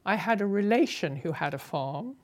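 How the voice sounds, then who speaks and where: A woman's voice: mid-range voice, animated, moderate pace, darkish tone. An older woman from Sussex, chatting through memories of her travels with frequent laughs. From England (Sussex). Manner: chatty, anecdotal, laughs often between phrases. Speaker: traveller recounting her journey. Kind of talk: conversational travel memoir.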